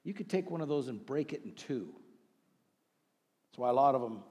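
A man's voice: mid-range voice, lively intonation, moderate pace, mellow, husky. A man preaching a sermon in a conversational way, asking the congregation questions and rising into emphatic bursts. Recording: long reverb of a large hall.

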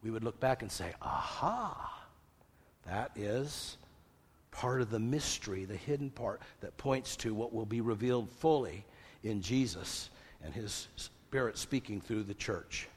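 An older man preaching a sermon, lively, asking rhetorical questions and quoting scripture. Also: lowish voice, measured pace, husky. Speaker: pastor. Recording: long hall reverb.

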